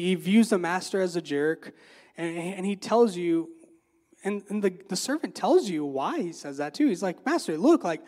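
Guy preaching like he's just chatting, kinda high voice, lots of "like" and "you know". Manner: animated, filler-heavy, repeats words, asks rhetorical questions. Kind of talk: conversational sermon.

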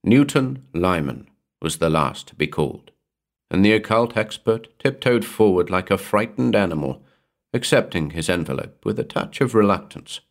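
A man reading a horror story aloud in a measured, atmospheric storytelling manner. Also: low-pitched, animated. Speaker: narrator. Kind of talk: scripted horror narration.

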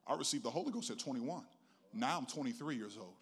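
With a husky, mid-range voice full of lively intonation, a middle-aged pastor moves quickly through a personal story in his sermon. His sing-song cadence swells from hushed tones to loud ones.

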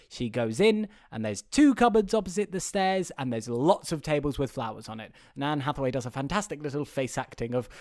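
A man's voice: medium pitch, animated, normal speed, no echo, studio quality. A man co-hosting a casual chat, recapping a film in a rambling way and acting out the characters' lines. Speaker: podcast co-host.

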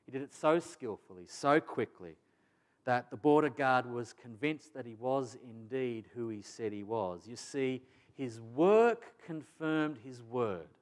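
A man's voice: mid-range voice, measured pace. A pastor preaching a sermon to his church, earnest and emphatic, repeating phrases for stress. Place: church service.

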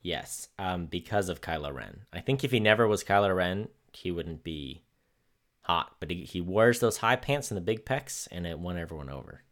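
Very deep-voiced laid-back man. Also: animated, moderate pace. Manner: rambling, laid-back, lots of fillers. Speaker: podcast co-host. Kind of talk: casual chat.

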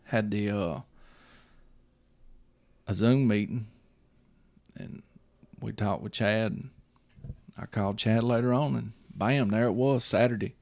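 Here the host's voice is fairly low, creaky and darkish, moving slowly with frequent pauses and no room sound. He rambles through a casual chat, repeats himself, and checks the listener follows by asking "you see what I'm saying."

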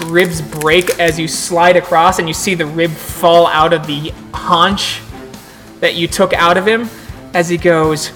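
A man's voice: a little high, level tone, unhurried, a bit bright, faint music behind. Storyteller man narrating a tabletop game. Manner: vivid, gory play-by-play narration.

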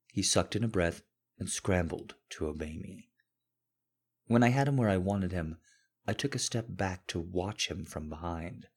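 A man narrating a story in the first person with a very deep, husky voice. He takes his time with each line, unhurried and commanding, and keeps a low, steady delivery. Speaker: audiobook narrator.

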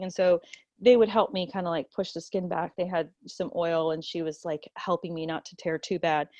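A woman guest telling a personal story in conversation, animated and full of fillers, acting out the quotes. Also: lowish voice, moderate pace, no echo. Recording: dull, lo-fi, dry.

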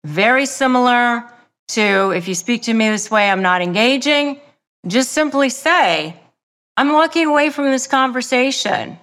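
A woman hosting a self-help podcast, talking straight to the listener in a deliberate way and repeating key phrases for emphasis. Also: mid-range voice, fairly bright tone. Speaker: podcast host. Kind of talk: self-help advice monologue.

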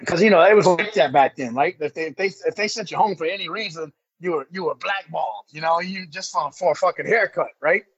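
A man's voice: on the high side, a little fast, few pauses, fairly bright tone, slightly rough. A man in his forties, a former pro wrestler, casually telling a story as a guest, swearing and saying "bro" a lot. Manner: profane, rambling, says "bro" a lot. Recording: dull lo-fi audio.

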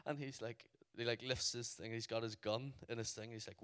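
A man with a Northern Irish accent, telling a story to a youth audience in an animated way, full of "like" fillers. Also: mid-range voice, moderate pace, clear, resonant tone. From Northern Ireland. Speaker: youth event speaker.

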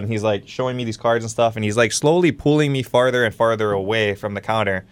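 A young man from Hawaii telling a story casually as a podcast guest, animated and full of fillers and quoted dialogue. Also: medium pitch, clear, resonant tone, no room sound. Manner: fast, animated, lots of fillers and acted-out quotes. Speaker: guest streamer.

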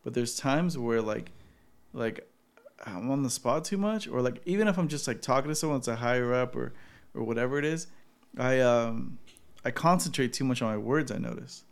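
A man's voice: mid-range voice, expressive, moderate pace, creaky. A man in casual chat, laid-back and reflective, swearing often.

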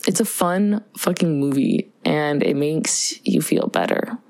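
A woman's voice: sits low, measured pace, slight background noise. A young woman co-hosting a podcast, chatting casually and joking as she retells scenes. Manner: joking, animated storytelling. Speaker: podcast co-host. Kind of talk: casual chat.

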